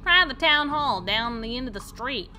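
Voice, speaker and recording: A woman's voice: on the high side, animated, normal speed, sharp tone, faint music behind. A woman voicing a folksy ghost bartender in a comedy western game, with a friendly but rule-bound drawl.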